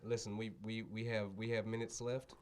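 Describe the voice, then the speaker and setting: A man's voice: on the low side, flat delivery, normal speed, a little mellow, clean tone. A man hosting a live stream, bantering and teasing his guests in a playful way. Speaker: host.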